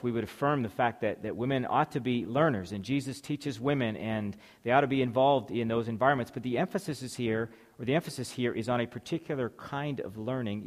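A man preaching in a hall with a long, ringing reverb. He reads scripture aloud, then walks through it point by point in a mid-range voice, with an occasional "uh" and a restart now and then. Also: mid-range voice. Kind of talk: sermon.

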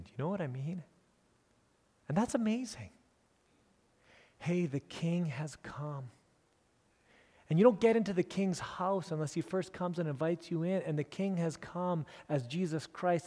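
A middle-aged man preaching a sermon and leading a closing prayer, earnest, moving between hushed, soft passages and loud, excited storytelling. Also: a little high, in a large hall. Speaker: pastor.

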